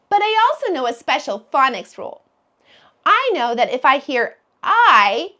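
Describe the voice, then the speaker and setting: Woman, preschool phonics teacher, very lively pitch, unhurried, sounds out letters. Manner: slow, sing-song, sounding out letters. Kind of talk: phonics lesson for young children.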